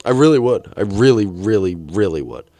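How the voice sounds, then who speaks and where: A young man hosting a casual solo podcast, telling a rambling, profane story and jumping into high, excited quoted voices. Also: moderate pace, dry recording. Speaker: podcast host.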